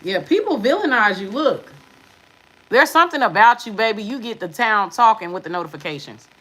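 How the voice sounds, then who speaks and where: A woman tarot reader talking to her viewers in a brash, profane, sassy way, with emphatic bursts and quick muttered asides. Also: on the high side, animated, a bit bright, low-quality recording. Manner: emphatic, with sudden drops to mutters. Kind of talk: live tarot reading monologue.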